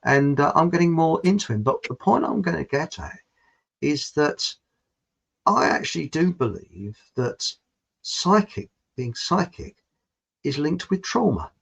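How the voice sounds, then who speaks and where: A gravelly, husky British man hosting a loose, rambling chat show. He wanders off topic and chuckles at his own jokes. The audio is muffled and lo-fi. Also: on the high side, big pitch swings, a little slow, fairly bright tone. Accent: British English. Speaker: host. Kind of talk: casual chat.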